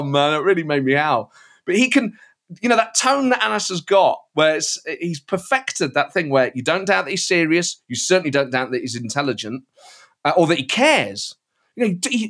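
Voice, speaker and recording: A man guesting on a podcast, chatting in an animated storytelling way. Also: sits high. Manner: animated, storytelling, slips into impressions. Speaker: guest, satirist and impressionist. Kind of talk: casual podcast chat.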